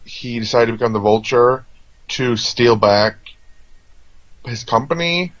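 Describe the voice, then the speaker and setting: A man chatting casually as co-host of a movie review, drifting from thought to thought with plenty of ums and restarts. His voice sits in an ordinary middle pitch. The recording is dull and lo-fi, with a dry, close sound and no room echo. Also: expressive, measured pace, a bit bright. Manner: rambling, with many fillers and restarts. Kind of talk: casual chat.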